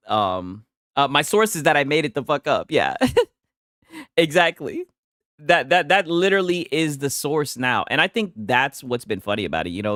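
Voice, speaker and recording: A man's voice: mid-range voice, a bit bright, no echo, clean studio sound. A man hosting a casual gaming news stream, talking loosely and profanely and laughing often as he reacts to posts. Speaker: livestream host.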